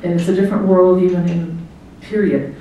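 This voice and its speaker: In a hotel banquet room, a middle-aged woman gives a friendly, anecdote-filled speech as the guest of honor at her party, often laughing and reenacting what people told her. Her lowish, mellow voice is steady in tone and a little fast. The recording is from far off in the echoing hall, with slight background noise.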